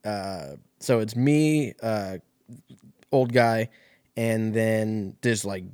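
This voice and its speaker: A man's voice: on the low side, drawn-out words, a little mellow, no room sound, studio quality. A young man telling a rambling, profane story in a casual way, often laughing.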